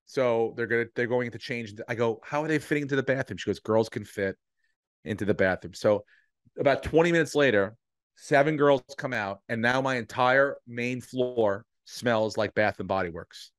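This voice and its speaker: A man's voice: mid-range voice, moderate pace, no room sound. Man telling a story, dry close sound. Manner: animated, swears freely, acts out voices in anecdotes. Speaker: podcast co-host. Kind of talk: casual storytelling chat.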